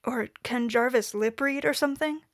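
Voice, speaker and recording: A woman's voice: sits high, normal speed, dry recording, studio quality. A woman voicing an earnest, troubled male soldier who speaks in a strained way while reading a story aloud.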